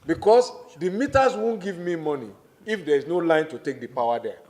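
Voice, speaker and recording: A middle-aged man with a Nigerian accent, speaking as a government minister giving formal testimony at a public hearing, with measured, deliberate emphasis. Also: a little high, lively intonation, darkish tone.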